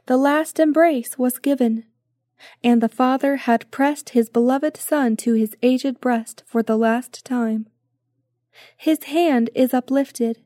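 A woman giving a scripted devotional reading in a solemn, measured way. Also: sits high, fairly even intonation, warm tone, no echo, clean studio sound. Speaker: devotional reader.

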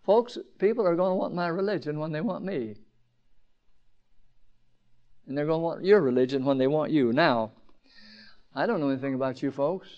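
Preacher, male, high-pitched, shifts between emphatic peaks and quiet asides, lo-fi sermon tape. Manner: rhetorical questions, rising to emphatic peaks then dropping low. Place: campground meeting.

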